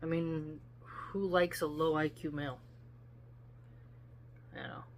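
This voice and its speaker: A host reads a philosophy text aloud and keeps stopping for loose, chatty asides. The voice sits at a middle pitch. A faint hum runs underneath. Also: level tone, slow. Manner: chatty, digressive asides with laughter. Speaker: philosophy reader and commentator. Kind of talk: casual reading with commentary.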